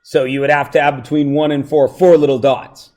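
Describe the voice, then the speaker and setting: A man's voice: fairly high pitch, flat delivery, brisk, darkish tone. A man teaching a math review lesson to a classroom, joking and going off on tangents while checking that his students follow.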